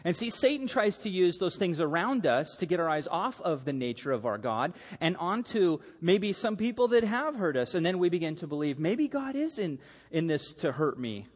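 A middle-aged male pastor delivers a sermon with a lively, swooping delivery, sitting a touch above a typical man's pitch. He tells stories animatedly, acting out the people in them. His voice trails off into the long reverb of a church hall. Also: moderate pace, few pauses. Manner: animated storytelling, acting out quotes.

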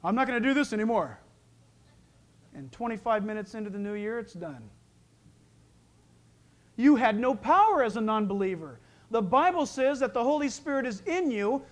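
A man's voice: very high-pitched, normal speed. A middle-aged male pastor preaching a sermon, joking and acting out little voices as he goes. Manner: lively, joking preacher who acts out voices.

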